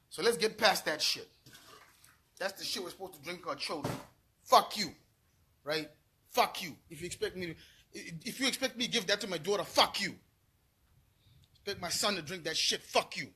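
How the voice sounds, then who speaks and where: A man's voice: high-pitched, normal speed, sharp tone, slightly rough. A middle-aged man from Zimbabwe ranting to camera in a vlog, profane, repetitive and heated. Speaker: vlogger. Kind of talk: angry rant to camera.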